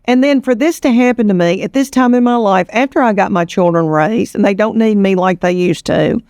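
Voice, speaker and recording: A woman's voice: medium pitch, fairly quick, a little mellow. A woman in her fifties with a Southern East Tennessee accent, telling stories in a folksy, drawling interview manner and calling the listener honey. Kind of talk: casual interview storytelling.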